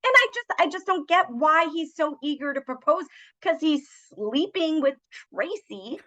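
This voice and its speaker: A woman's voice: high voice, animated, a little slow, a bit bright. A woman co-hosting a drinking movie review show, chatting casually and pointing out small details with a laugh. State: drinking while talking. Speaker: podcast co-host.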